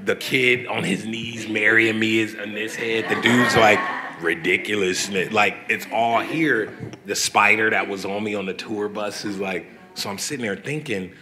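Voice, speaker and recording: Deep-voiced animated young man. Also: normal speed, faint music behind. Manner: animated, swears, tells stories. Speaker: guest artist answering fan questions. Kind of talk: casual live Q&A. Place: event hall with audience.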